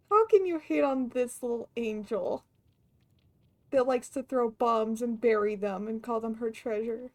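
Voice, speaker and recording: A woman streamer chatting casually while gaming, excitable and gushing, swearing freely. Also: on the high side, normal speed, dry recording. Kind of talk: casual gameplay chat.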